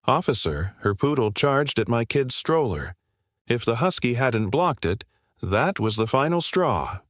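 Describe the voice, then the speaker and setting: A man's voice: mid-range voice, sing-song, a little slow, no echo, clean studio sound. A man voicing an upset, urgent young mother in a narrated story.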